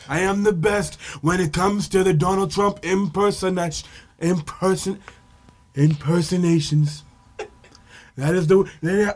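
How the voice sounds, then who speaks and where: A man putting on the voice of a boastful older male politician, rambling and pompous. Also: sits high. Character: bragging older male politician, self-satisfied.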